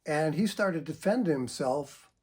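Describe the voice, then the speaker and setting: A middle-aged man, a psychotherapist, giving a measured educational talk, often clearing his throat. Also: on the high side, expressive.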